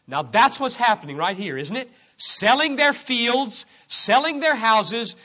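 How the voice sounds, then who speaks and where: Emphatic male preacher, high lively voice, slow and bright, dull lo-fi recording. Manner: emphatic, repeats key words, swings between loud stresses and quiet drops. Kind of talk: sermon.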